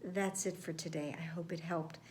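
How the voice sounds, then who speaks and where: A woman giving a reflective spiritual lesson, speaking gently with repeated phrases and some words dropped to a whisper. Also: lowish voice, steady tone, normal speed, a little hiss or hum. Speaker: spiritual course teacher.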